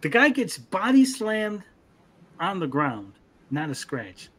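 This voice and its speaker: Animated man riffing on an anime. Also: high voice, slow. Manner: animated, acts out character quotes in funny voices. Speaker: podcast co-host. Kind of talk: casual anime review chat.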